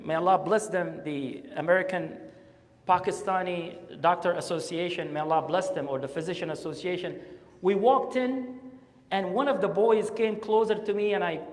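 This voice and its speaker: A man giving an impassioned Friday sermon as a guest speaker at a mosque, swinging between loud urging and hushed pauses. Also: high voice. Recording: long hall reverb.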